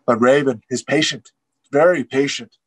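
A man's voice: medium pitch, steady tone, normal speed, husky, dry recording, poor audio. A man telling a traditional story with rhythmic, repeating phrases. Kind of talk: oral storytelling.

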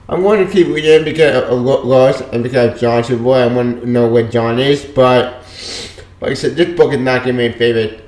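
A man's voice: medium pitch, steady tone, a little fast, slight background noise. Exasperated man ranting in an echoey room. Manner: frustrated, exasperated ranting with sudden loud outbursts. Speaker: comic book reviewer. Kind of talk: ranting video review.

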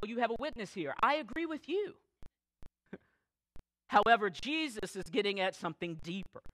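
A man preaching a sermon as pastor, telling candid stories with dry, self-deprecating humor and slowing down to stress key phrases. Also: sits high, sharp tone, no room sound, low-quality recording. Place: church service, recorded live.

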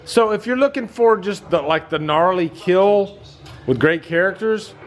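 Excited middle-aged man, raised voice. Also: high voice, measured pace. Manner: enthusiastic, loose, swears freely. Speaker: vlogger. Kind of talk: casual movie reaction commentary.

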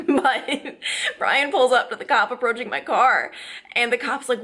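A woman's voice: fairly high pitch, measured pace. A young woman in her twenties, a news reporter, talking casually and expressively to the camera in a vlog. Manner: chatty and expressive, with fillers like "like".

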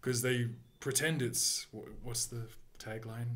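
A middle-aged man, a professor, explaining ideas in a relaxed podcast chat and checking in with "right?" as he goes. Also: mid-range voice, unhurried. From Australia. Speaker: anthropology professor, guest.

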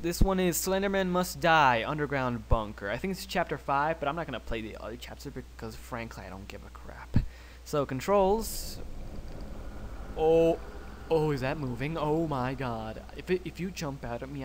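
A man hosting let's play commentary, excitable, cursing freely and yelping when startled. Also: medium pitch, normal speed, a little hiss or hum. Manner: excitable, swears a lot, yelps when startled. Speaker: gaming channel host.

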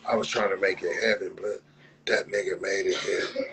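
A man's voice: deep voice, steady tone, normal speed, music in the background, poor audio. A young man from Compton with a Southern California accent, ranting animatedly on a livestream in slang with a lot of swearing. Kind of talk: casual livestream rant.

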